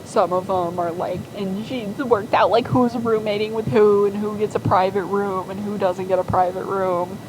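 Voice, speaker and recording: A woman's voice: mid-range voice, fairly even intonation, moderate pace, hardly any pauses, noisy background. A woman casually and enthusiastically rambling through her fan-made story timeline with lots of fillers.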